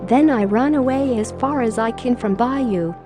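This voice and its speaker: A man's voice: very high voice, normal speed, music in the background, pitched above the performer's own voice. A man voicing a rambling, doomed stranger under a curse who is near death and keeps getting cut off.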